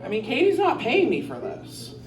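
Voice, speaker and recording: Her pitch runs fairly high with huge swings as this woman, a stand-up comedian, works a bar audience at normal speed. She rambles crudely and pokes fun at herself into a handheld mic. It's recorded from a distance in a roomy space, with the crowd laughing.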